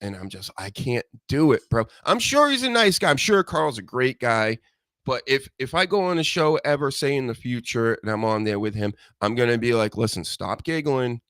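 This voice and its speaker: A man's voice: mid-range voice, lively intonation, moderate pace, a bit bright, no room sound. A man in a medium register hosts a loose podcast conversation, speaking bluntly and rambling from one opinion to the next. His voice sounds close and dry, with no room around it. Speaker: host. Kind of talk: casual podcast chat.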